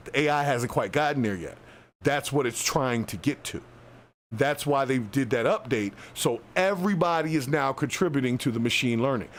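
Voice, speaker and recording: A man's voice: medium pitch, slight background noise. A man hosting a live podcast, talking loosely and directly to his listeners in slangy casual speech. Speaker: podcast host.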